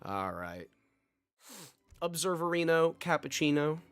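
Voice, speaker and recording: A man's voice: a little high, big pitch swings, a little slow, a bit bright, clear, resonant tone. A young man casting a live esports match, joking in casual banter over a headset. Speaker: esports caster.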